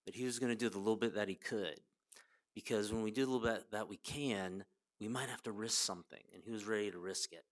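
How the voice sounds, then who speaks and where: A man with a lowish voice tells a children's fable in a plain, gentle, folksy way. He speaks as the presenter of a congregation's message for all ages. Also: fast. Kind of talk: storytelling to children.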